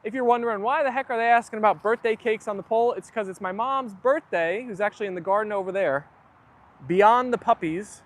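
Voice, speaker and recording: Young guy hosting a live stream, high-pitched voice, reads out chat comments, outdoors by a garden. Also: brisk, fairly bright tone. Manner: chatty, reads viewer comments aloud. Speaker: livestream host. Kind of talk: casual livestream chat reading comments.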